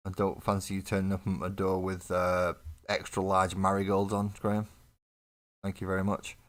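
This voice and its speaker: Low-voiced man, rambling banter. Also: completely flat delivery, moderate pace. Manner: rambling, joking, self-deprecating banter with chat. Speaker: miniature painting streamer. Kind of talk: casual live-stream chat while painting. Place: home painting desk. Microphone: desk mic on live webcam stream.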